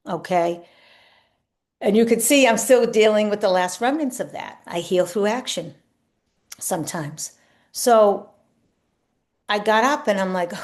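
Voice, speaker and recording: A woman spiritual coach talking casually to camera in an earnest, reflective way, sometimes slipping into soft spoken affirmations. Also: mid-range voice, moderate pace, long pauses.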